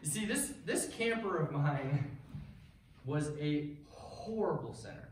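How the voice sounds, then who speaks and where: A man's voice: fairly high pitch, animated, slow pace. A young man preaching to a youth group in a casual, chatty way, full of fillers and frequent "right?" and "okay?" check-ins. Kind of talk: sermon. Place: church hall. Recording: very echoey hall, mic far off, faint noise.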